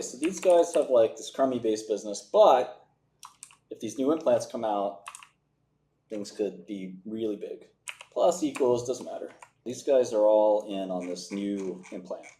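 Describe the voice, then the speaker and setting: A young man in casual livestream stock commentary, offhand and sardonic, with deadpan asides. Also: fairly low pitch, slight background noise. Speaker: stock-review streamer.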